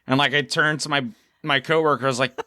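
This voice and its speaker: A middle-aged man from South Africa co-hosting a podcast, telling stories in a casual, animated way and acting out the voices of the people in them. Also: a little high, fast talker, heavy background noise. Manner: animated storyteller, acts out quotes. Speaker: co-host.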